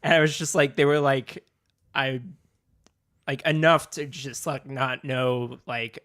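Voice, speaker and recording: A man's voice: on the high side, a bit bright, no echo. Wry joking man, dry close sound. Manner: wry, laughs often, quick jokes. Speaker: podcast co-host. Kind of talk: casual chat.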